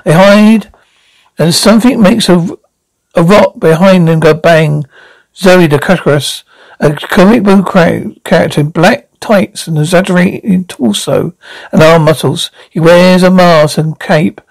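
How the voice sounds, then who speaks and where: A man's voice: high voice, measured pace, vocal fry, dry recording, rough recording. A man reading stage directions aloud in a plain way, with slips and restarts. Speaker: reader.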